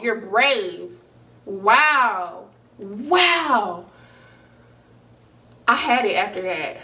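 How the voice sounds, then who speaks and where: A woman in her twenties tells a casual storytime to viewers, animated and slangy, swearing often as she talks straight to the camera. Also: mid-range voice, very slow, long pauses, recorded from a distance. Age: 20s. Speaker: storytime vlogger.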